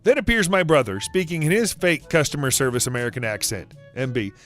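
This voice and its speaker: A man reading an online story aloud in an even, steady manner. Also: a little high, fairly quick, hardly any pauses. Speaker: narrator. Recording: soft background music.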